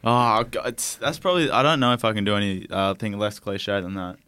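Hesitant young Australian man, smooth voice. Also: on the low side, steady tone, sharp tone, dry recording. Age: young adult. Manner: hesitant, full of pauses and fillers. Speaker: footballer guest. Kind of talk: casual podcast interview.

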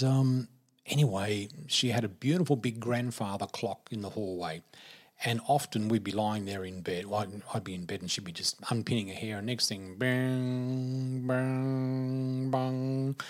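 Husky-voiced Australian man telling stories. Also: medium pitch. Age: 50s. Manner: unhurried, vivid storyteller. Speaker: podcast guest. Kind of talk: personal storytelling.

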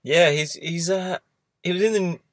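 A man's voice: high voice, normal speed, no room sound. A man with an Australian accent hosting a casual sports podcast chat, rambling through his points and laughing often. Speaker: podcast host.

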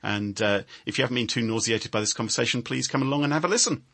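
A man's voice: medium pitch, fast talker, creaky, bright, forceful tone. A man from the United Kingdom, a podcast guest, chatting in a friendly and jokey way. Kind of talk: friendly remote interview chat.

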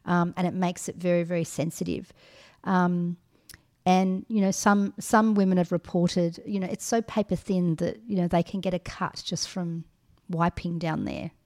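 A woman's voice: lowish voice, normal speed, darkish tone. A middle-aged woman co-hosting a podcast, giving frank advice in a casual chat with many ums and restarts. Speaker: podcast co-host.

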